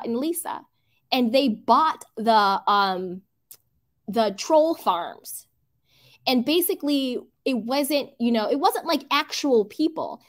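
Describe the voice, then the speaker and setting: A chatty woman with a high, bright voice runs a casual livestream. She greets viewers one by one with pet names and reads their comments aloud. She mixes in her own blunt, opinionated commentary. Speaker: livestream host reading chat comments.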